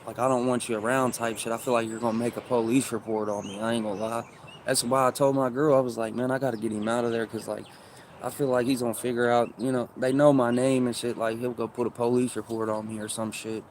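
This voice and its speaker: A man talking to his livestream chat in an unhurried, rambling way, full of profane street slang. His voice sits at an ordinary middle pitch, with a faint hum of room ambience behind him. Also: little pitch movement, darkish tone.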